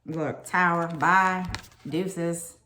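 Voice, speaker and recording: A woman's voice: fairly low pitch, steady tone, extremely slow, sharp tone, a little hiss or hum. Blunt, profane woman tarot reader. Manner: talks straight to the viewer. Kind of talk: casual tarot reading.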